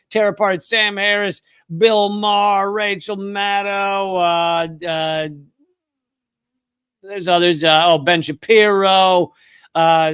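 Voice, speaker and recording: A man's voice: sits high, fairly bright tone, clean tone, no room sound, clean studio sound. A man from Richmond, Virginia with a slight Virginia twang, hosting a casual livestream, loose and conversational with blunt profanity. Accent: Southern American, Virginia. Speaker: show host.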